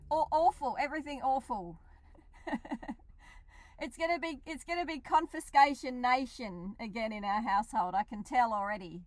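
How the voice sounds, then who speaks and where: A woman's voice: high voice, normal speed, long pauses, no echo. A middle-aged Australian woman, a regular on a radio show, chatting casually and animatedly, laughing often.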